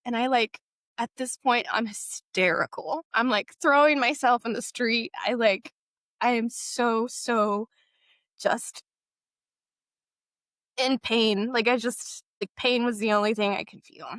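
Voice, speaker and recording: A young woman sharing a painful personal story, halting and emotional, with frequent fillers. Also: on the high side, fairly bright tone, no echo, studio quality. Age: young adult.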